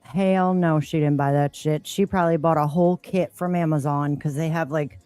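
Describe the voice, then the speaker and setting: A woman's voice: low-pitched, steady tone, normal speed, warm tone, no echo, soft background music. A woman co-hosting a casual live stream, talking bluntly and swearing freely. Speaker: co-host.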